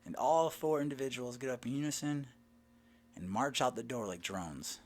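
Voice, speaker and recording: A man telling a personal story in a lively way, retelling the dialogue line by line. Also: mid-range voice, normal speed. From Southern United States. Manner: animated, retells dialogue with "I go" and "she goes".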